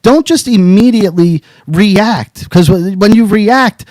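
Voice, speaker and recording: A man's voice: high-pitched, unhurried, darkish tone, no echo, low-quality recording. A man co-hosting a casual advice talk show, brash and boastful, cursing freely as he talks. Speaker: podcast co-host.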